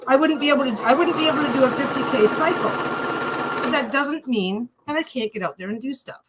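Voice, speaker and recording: Talking fast in a high-pitched voice, this woman rants and cusses openly while sewing on a casual livestream she hosts. The recording is very noisy.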